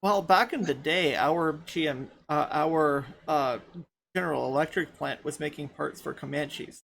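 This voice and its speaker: A man's voice: a little high, a little slow, vocal fry, fairly bright tone. A man from Canada with a Canadian accent, chatting casually as a podcast co-host, hesitant and full of restarts. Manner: hesitant, many restarts and fillers. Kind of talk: casual chat.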